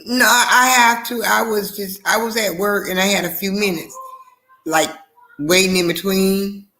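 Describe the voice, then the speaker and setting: A woman's voice: medium pitch, steady tone, normal speed, pushed and bright. A woman chatting casually on a video call, rambling and laughing easily.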